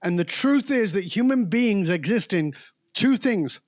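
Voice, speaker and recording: Podcast guest, male, high pitch, punchy and emphatic, dry close mic. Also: no echo. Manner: animated storyteller who mimics accents and voices; slows down to stress key words. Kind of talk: casual conversation.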